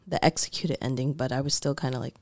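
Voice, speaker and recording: A woman's voice: a bass voice, steady tone, fast talker, a little mellow, no room sound, clean studio sound. A young woman co-hosting a podcast, chatting casually about a movie and acting out her own reactions. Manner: chatty, leans on "like" and reported thoughts. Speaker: podcast co-host.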